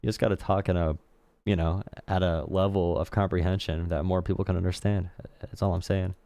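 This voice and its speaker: A man's voice: low voice, flat delivery, fairly quick, warm tone, no room sound, clean studio sound. A man hosting a live stream, giving blunt, sarcastic commentary and repeating himself for emphasis. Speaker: streamer host.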